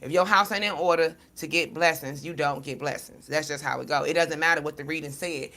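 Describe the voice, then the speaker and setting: Low-pitched middle-aged woman, bright tense voice, aave-tinged, blunt and emotional. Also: fairly quick. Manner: blunt, emotional, animated storytelling with swearing. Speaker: spiritual reader. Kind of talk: casual spiritual talk.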